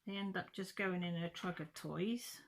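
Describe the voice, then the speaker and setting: A woman's voice: lowish voice, normal speed. A middle-aged woman telling a rambling, chatty story about her pets in a casual vlog. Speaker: craft vlogger. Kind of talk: casual chat.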